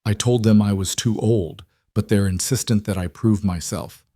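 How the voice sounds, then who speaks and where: A man's voice: fairly low pitch, steady tone, normal speed, mellow, dry recording, studio quality, close to an everyday voice. A man voicing a chatty, earnest frontier husband. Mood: joking. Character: talkative cheerful widowed frontier husband.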